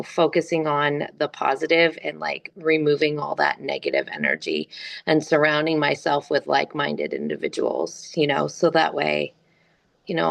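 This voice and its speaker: A woman's voice: low voice, vocal fry. A middle-aged woman in a group call, talking casually in a rambling way with many fillers and restarts. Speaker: group member. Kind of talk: casual chat.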